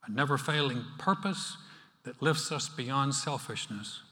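A male pastor preaching a sermon in a church, talking in a conversational, animated way with playful asides. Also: mid-range voice, unhurried. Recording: reverberant hall.

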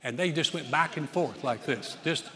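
A male pastor from North Carolina preaches a sermon in a folksy, conversational manner at normal speed, his somewhat high voice pushed and bright. Every line carries the long reverb of a large church hall.

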